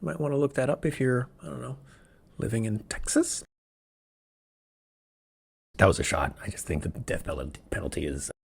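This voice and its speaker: A man hosting a solo podcast, talking in an excitable, rambling, jokey way from a room where he records alone. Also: medium pitch, moderate pace, creaky, long pauses, husky. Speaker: podcast host. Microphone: podcast microphone, also filmed.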